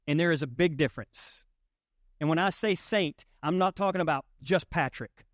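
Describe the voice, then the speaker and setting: A man's voice: fairly high pitch, normal speed, no echo. Emphatic man preaching, dry sound. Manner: conversational, emphatic preaching with rhetorical questions. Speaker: pastor. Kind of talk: sermon. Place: church sanctuary.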